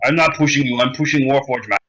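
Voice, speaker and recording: A man playing in a tabletop game, speaking in short, halting phrases. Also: mid-range voice, pushed and bright. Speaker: player. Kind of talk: casual chat over a tabletop game.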